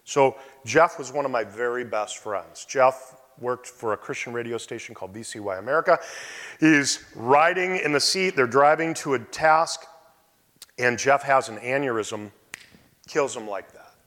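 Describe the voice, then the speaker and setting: A male pastor preaching a sermon, expressive, often dropping to quiet asides. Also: medium pitch, moderate pace. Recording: long hall reverb.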